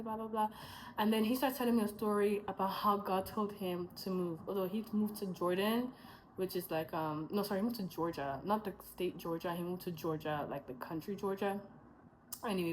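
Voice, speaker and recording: A young woman talks straight to her viewers in a casual testimony vlog. Her voice sits a little low, and she tells the story in a chatty, rambling way, with asides and quick self-corrections. She acts out the lines she and others said. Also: a little hiss or hum, low-quality recording. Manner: chatty storytelling, acting out her own past dialogue. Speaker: vlogger sharing her faith testimony.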